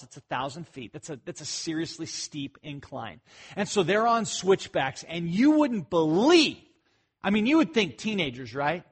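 A middle-aged man leads a Bible study with a slightly higher-than-usual voice. He talks loosely and conversationally, stopping to restart phrases and pose questions to the room. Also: a bit bright, slightly rough. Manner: conversational, asks the listeners questions, many fillers and restarts. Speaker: pastor. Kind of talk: expository Bible teaching.

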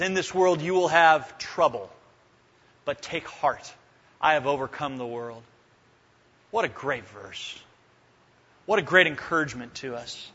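A man preaching a sermon in an animated way, voicing sarcastic paraphrases with exaggerated emphasis. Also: high-pitched. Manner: animated, shifts into mock voices for sarcastic paraphrase. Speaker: pastor. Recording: dull lo-fi sound with long hall reverb.

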